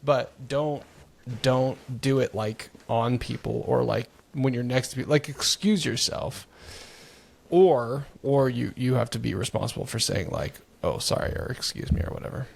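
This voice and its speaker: Male podcast co-host, gravelly, rambling casual delivery full of restarts. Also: medium pitch, animated, moderate pace. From United States. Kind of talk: casual chat.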